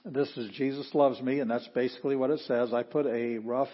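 A man teaching an informal Greek class, patient and halting, often pausing with ums and sounding out words slowly. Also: mid-range voice, steady tone, highs cut off.

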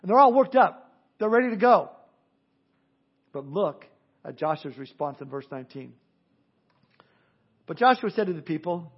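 A man preaching a sermon as pastor, animated, acting out crowd voices and dropping to hushed, earnest tones. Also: sits high, normal speed, pauses often, slightly rough, lo-fi sound.

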